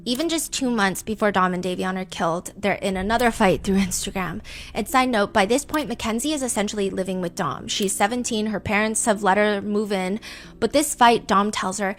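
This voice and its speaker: A woman's voice: medium pitch, brisk, faint music behind. A woman hosting a true crime podcast, telling the story in an emphatic, chatty way full of asides. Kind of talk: casual storytelling narration.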